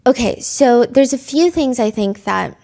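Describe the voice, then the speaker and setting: A woman's voice: on the high side, expressive, measured pace, vocal fry, warm tone. A woman hosting a true crime show, earnestly retelling court testimony and reading text messages aloud. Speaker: host.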